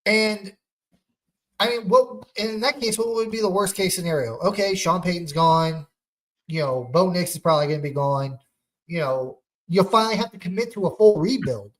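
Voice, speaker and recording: A young man co-hosts a casual football podcast, slightly high in pitch. He talks in an animated, rambling way, full of restarts and fan excitement. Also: normal speed. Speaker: podcast host. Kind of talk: casual sports chat.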